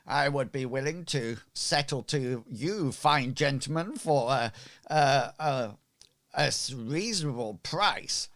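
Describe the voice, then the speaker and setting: A man's voice: medium pitch, animated, takes it slowly, a bit bright. A man voicing an easygoing male ship's quartermaster who enjoys haggling. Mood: bargaining. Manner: breezy, bargaining.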